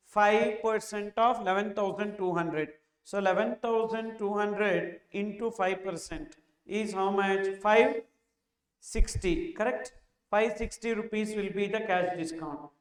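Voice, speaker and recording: A man teaching a tax class, asking questions and answering them himself as he dictates entries slowly. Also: sits high, roomy sound. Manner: asks and answers his own questions, slow dictation of entries. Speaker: tax lecturer. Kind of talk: classroom lecture.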